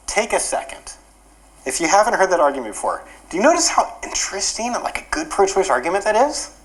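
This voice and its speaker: A male workshop speaker explains ideas at a brisk clip. His pitch swings lively and expressive, and he keeps the room engaged with an animated delivery. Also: low-quality recording. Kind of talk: conference workshop lecture.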